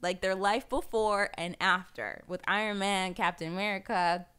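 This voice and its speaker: A woman's voice: moderate pace, fairly bright tone, clean tone. Chatty woman podcast host. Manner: chatty, laughs often, jumps high when quoting. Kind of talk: casual chat reacting to a movie trailer.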